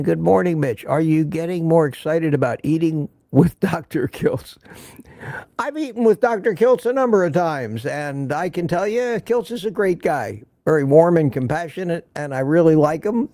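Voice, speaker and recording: A man's voice: fairly high pitch, creaky, mellow, dry recording, studio quality. An older man hosting a casual live stream from home, chatting and greeting viewers by name with frequent restarts. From United States. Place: indoors at home.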